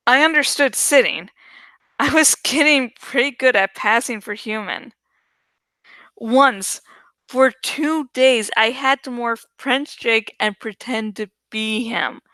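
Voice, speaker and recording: A woman reading a novel aloud in first-person audiobook narration, slow and deliberate. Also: on the high side, sharp tone, dry recording. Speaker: audiobook reader.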